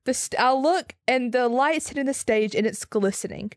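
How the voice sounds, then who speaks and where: A young woman, slightly hoarse and raspy from screaming, telling a story in casual podcast chat with quick asides. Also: fairly high pitch, dry recording, studio quality. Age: young adult. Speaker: podcast co-host.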